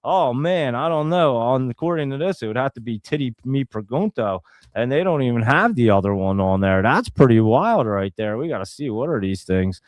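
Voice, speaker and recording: A man's voice: medium pitch, expressive, normal speed, dry recording, clean studio sound. A young man hosting a casual livestream, rambling and thinking aloud as he talks to viewers. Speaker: host.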